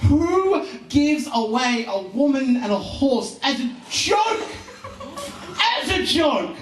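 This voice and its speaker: A man's voice: extremely high pitch, lively intonation, takes it slowly, faint music behind. A man in his twenties doing profane, rambling stand-up full of ums and uhs, live in a comedy venue with an audience. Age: 20s. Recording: echoey room, distant mic, crowd.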